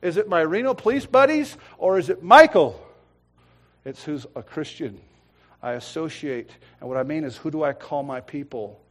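Middle-aged male pastor, slightly high voice, dynamic sermon delivery with acted-out quotes. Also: expressive, moderate pace. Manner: swings from loud preaching to quiet asides; acts out quoted voices in storytelling.

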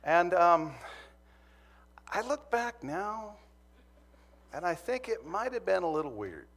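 A man's voice: sits high, very animated, takes it slowly, a bit bright, a little hiss or hum. A man from Montana preaching a sermon, telling a humorous personal story that turns earnest. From Montana, USA.

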